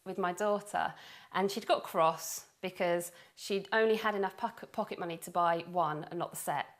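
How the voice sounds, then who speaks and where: A woman's voice: on the low side, normal speed. A woman, a mother co-hosting a faith-based parenting chat show, who tells stories and acts out the dialogue. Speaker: co-host, mother.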